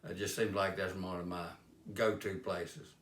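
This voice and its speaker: A man's voice: low-pitched, little pitch movement, moderate pace, fairly bright tone. A man telling homespun stories about kindness in a plain-spoken, rambling way. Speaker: life-lessons speaker. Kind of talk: folksy storytelling monologue. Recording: roomy echo.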